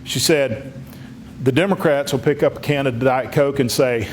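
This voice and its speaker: A man's voice: mid-range voice, moderate pace, a little hiss or hum. A man giving a political talk at a luncheon, telling stories in a folksy way with many restarts and rising for emphatic points. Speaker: congressman speaking at a luncheon. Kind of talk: political speech.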